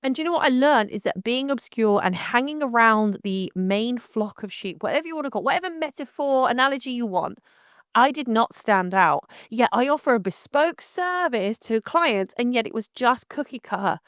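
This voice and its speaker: A middle-aged woman from Devon and Somerset with a light West Country accent, hosting a casual solo podcast in a frank, animated way and calling the listener darling. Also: fairly high pitch, normal speed, smooth, dry recording, studio quality. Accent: light West Country English. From Devon and Somerset, England. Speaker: podcast host.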